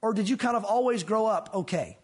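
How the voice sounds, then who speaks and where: A man delivering an animated sermon, switching into little voices to act out scenes. His voice sits high and has a husky edge. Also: fairly quick. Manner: animated, acts out dialogue in different voices. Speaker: pastor.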